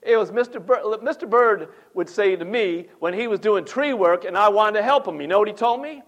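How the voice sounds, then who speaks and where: This sermon comes from a pastor whose high-pitched, slightly bright voice moves fairly quickly with few pauses. Conversational in tone, he quizzes the congregation and reads scripture aloud with rising emphasis.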